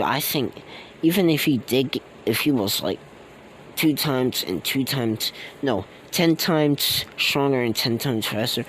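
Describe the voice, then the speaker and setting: A man's voice: mid-range voice, a bit bright, slight background noise, low-quality recording. A man telling a fan-made story off the cuff, rambling and slangy, with many fillers and restarts. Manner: slangy and casual.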